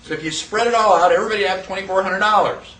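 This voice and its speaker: A man teaching a class in a lively lecture, quizzing the students and acting out quotes. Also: sits high, rapid-fire. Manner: animated, asks the class questions, acts out quotes. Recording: echoey room, voice from far off.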